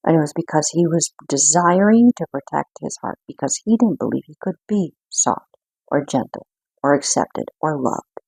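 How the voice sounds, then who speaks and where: A woman with a low, gravelly, husky voice gives an intuitive card reading. She speaks earnestly and reflectively, pausing often to gather her thoughts. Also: animated, a little mellow, dry recording. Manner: earnest, reflective, with frequent pauses. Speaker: spiritual card reader.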